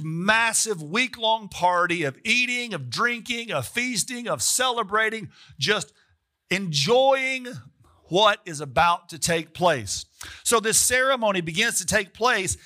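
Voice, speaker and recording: A man's voice: high voice, sharp tone. A man preaching a sermon as a casual retelling, with frequent asides to the audience.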